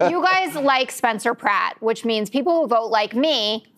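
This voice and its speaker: A woman's voice: a little high, expressive, measured pace, fairly bright tone. A woman debating on a panel, pointed and skeptical. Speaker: panel guest. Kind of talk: opinionated debate.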